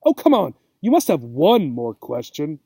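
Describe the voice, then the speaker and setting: A man's voice: on the high side, wildly swooping pitch, measured pace, warm tone, breathy edge, no room sound, studio quality, heavily acted. A man voicing a giggly, playful female cat in a storybook reading, teasing and coaxing.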